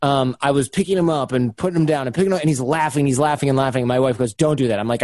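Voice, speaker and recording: A man's voice: mid-range voice, very fast, few pauses, a little mellow, dry recording. A man in his thirties, a podcast guest, telling a casual story and acting out the quotes.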